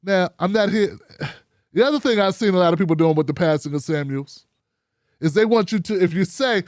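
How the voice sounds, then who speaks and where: A man hosting a commentary show, giving a blunt, animated opinion monologue full of rhetorical questions. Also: sits high, fairly quick, no room sound, studio quality.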